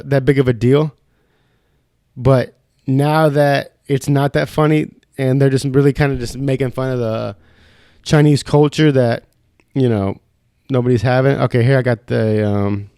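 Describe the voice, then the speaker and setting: A man's voice: medium pitch, mellow, clean tone, no room sound, clean studio sound. A young man hosting a podcast alone, rambling in a heated, profane, casual way. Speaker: podcast host. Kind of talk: casual solo podcast rant.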